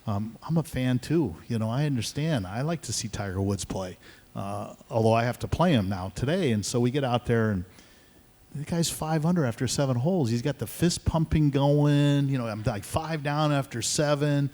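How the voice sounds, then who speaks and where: An older man and pro golfer telling an animated story on stage at a conference, acting out the dialogue. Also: medium pitch, moderate pace. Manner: animated, acts out dialogue in voices. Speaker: guest speaker, pro golfer. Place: event hall at a conference. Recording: reverberant hall.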